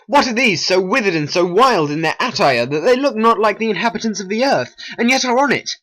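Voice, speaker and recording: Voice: mid-range voice, animated, a little fast, a bit bright, voice pushed up. A hobby voice actor voicing a wary young nobleman in a homemade stop-motion play, with a raised, questioning delivery. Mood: amazed. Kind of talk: homemade animation voice acting.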